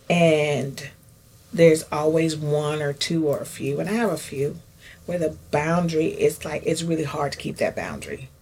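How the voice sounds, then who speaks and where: A woman's voice: low voice, darkish tone, slightly rough. A woman support worker talking candidly and reflectively in an interview. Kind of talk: casual interview talk.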